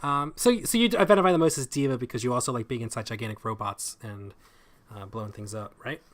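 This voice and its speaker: A man's voice: mid-range voice, quick pace. A man hosting a live streamed chat show, talking casually and stumbling over his words. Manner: animated, self-deprecating, stumbles over words. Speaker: show host. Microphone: streaming mic.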